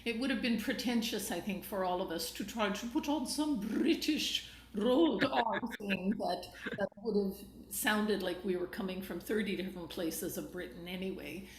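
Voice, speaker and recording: A woman's voice: mid-range voice, moderate pace. Canadian woman in an echoey room. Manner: thoughtful, explains at length with many fillers. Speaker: stage director. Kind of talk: interview answers.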